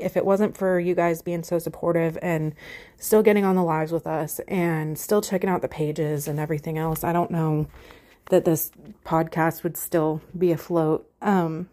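A woman podcast co-host giving a halting, heartfelt update with many fillers, close to tears. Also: lowish voice, mellow. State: emotional, holding back tears.

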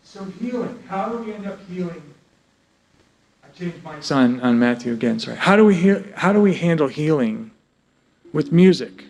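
A man gives a workshop talk to a live audience about his work as a music therapist. His voice sits a little high for a man, and he keeps the talk animated and full of jokes. He often turns to the room with questions. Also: moderate pace, creaky. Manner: animated and joking, breaks into sung snippets; asks the audience frequent questions.

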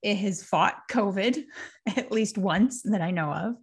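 A woman's voice: mid-range voice, unhurried, husky. A woman in her forties hosting a podcast, chatting casually and reflectively, laughing now and then as she talks. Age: 40s. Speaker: podcast host.

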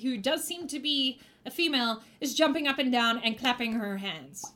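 A woman's voice: on the high side, lively intonation, moderate pace, sharp tone. A young woman narrating as game master of a tabletop game, playful and teasing.

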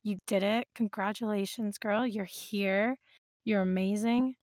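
A woman's voice: mid-range voice, fairly even intonation, measured pace, darkish tone, dry recording, studio quality. A woman hosting a podcast interview, speaking in an affirming, encouraging way. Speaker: podcast host.

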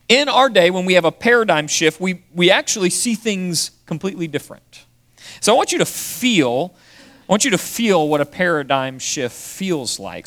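A man preaching a sermon to his congregation, speaking straight to them and swinging from raised, emphatic phrases to slow, hushed ones. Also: sits high. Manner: addresses the congregation directly. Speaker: pastor.

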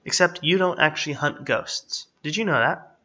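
A man's voice: a little high, moderate pace, pushed and bright, pitched above the performer's own voice. A man voicing a sarcastic, breezy male dimension-hopping guide. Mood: wry. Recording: slightly dull, lo-fi.

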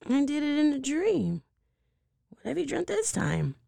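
Woman doing a soft-spoken hoarse old grandmother. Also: sits high, very animated, a little slow, dry recording, pitched above the performer's own voice, heavily acted. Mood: coaxing. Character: sly old grandmother, soothing and clever.

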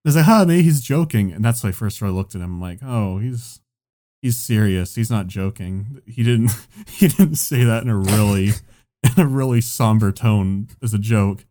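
Mellow-voiced man telling a rambling story. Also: fairly low pitch, expressive, normal speed. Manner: rambling anecdote with frequent "like" and swearing. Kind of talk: casual chat.

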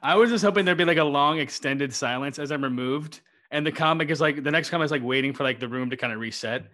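A man co-hosting a podcast, brash and profane, riffing deadpan in casual chat. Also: fairly high pitch, fast. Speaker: podcast co-host.

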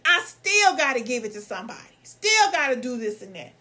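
A woman's voice: sits high, sing-song, fairly quick, bright, forceful tone. A young woman, a lawyer and vlogger, ranting in a heated, emphatic and profane way, her voice strained from coughing. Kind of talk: angry ranting monologue.

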